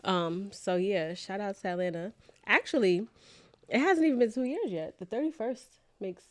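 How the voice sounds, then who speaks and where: A woman from New York with a New York accent, co-hosting a podcast in casual, animated, slangy chat. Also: medium pitch, normal speed. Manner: chatty, animated storyteller with slang. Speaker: podcast co-host. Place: lives in Atlanta.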